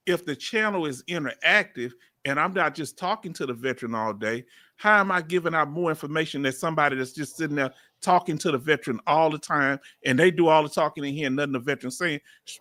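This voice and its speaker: A man's voice: on the high side, sharp tone, dry recording. A man with a Southern accent hosting a live chat Q&A, asking direct, probing questions in casual slang. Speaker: channel host.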